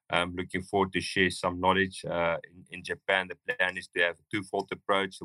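A man with a deep baritone voice, a podcast guest talking casually with many fillers and restarts. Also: pushed and bright, no room sound. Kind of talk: casual interview talk.

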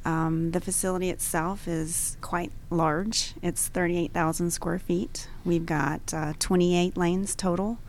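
A woman guest on a radio talk show, with a lowish, gravelly voice full of vocal fry. She answers in a measured, halting way with ums, and faint noise hangs behind her. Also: flat delivery. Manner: measured, many ums and restarts. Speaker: radio guest, gun range owner. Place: radio studio.

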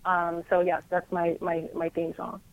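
Animated woman over a phone line. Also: on the low side, measured pace. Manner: energetic, animated, repeats words. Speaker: coach, guest. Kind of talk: casual interview chat.

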